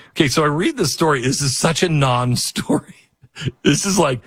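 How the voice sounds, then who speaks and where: A middle-aged man hosting a talk radio show, rambling and self-mocking, with sudden shouted outbursts. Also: a little high, animated, moderate pace, husky, dry recording. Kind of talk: talk radio monologue and host-read ads.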